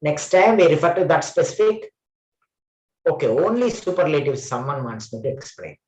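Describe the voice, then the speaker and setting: A man's voice: on the high side, animated, moderate pace, darkish tone, roomy sound, poor audio. A man teaching an online English grammar class, often repeating phrases and correcting himself. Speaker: English trainer.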